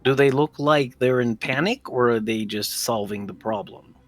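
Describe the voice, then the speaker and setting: A man's voice: mid-range voice, moderate pace, no room sound. A man playing a tabletop game casually, joking and teasing the others. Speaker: player.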